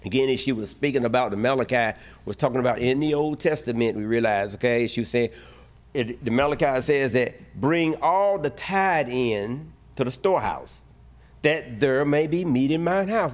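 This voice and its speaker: A male pastor preaching a sermon in animated style, using a relaxed dialect and acting out short voiced asides. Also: medium pitch, normal speed.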